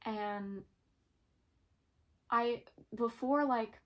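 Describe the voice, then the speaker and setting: A young woman talking hesitantly in a personal confessional vlog, pausing often and searching for words. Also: a little high. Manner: hesitant, halting, many pauses and fillers; emotional, soft-spoken. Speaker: vlogger.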